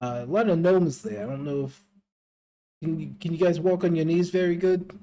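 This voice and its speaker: A man's voice: a little high, steady tone, normal speed, mellow, natural voice, low-quality recording. A man playing a rude, aggressive, profane local guide character in a tabletop game. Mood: brash. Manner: profane, brash, mocking.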